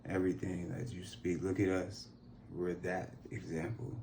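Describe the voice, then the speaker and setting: A man's voice: sits low, monotone, normal speed, gravelly, darkish tone, slight background noise. A man in his thirties from Phoenix, telling stories in a loose, profane way with lots of fillers, on an outdoor balcony. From Phoenix, Arizona. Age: 30s. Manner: laid-back, profane, rambling with many fillers. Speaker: interview guest. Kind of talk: casual storytelling.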